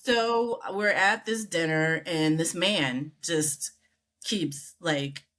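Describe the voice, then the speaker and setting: A woman's voice: low voice, drawn-out words, a bit bright. A middle-aged American woman telling a story as an interview guest, acting out the people she quotes with big jumps in her voice. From United States. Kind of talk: casual storytelling.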